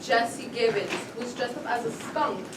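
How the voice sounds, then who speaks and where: A woman's voice: a little high, normal speed. A woman narrating a stage play in the second person with dramatic, wry storytelling. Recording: echoey stage, far mic, loud noise.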